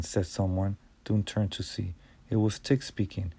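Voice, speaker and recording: A man narrating an audiobook in a measured reading style with small stumbles and restarts. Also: lowish voice, mellow, slightly rough.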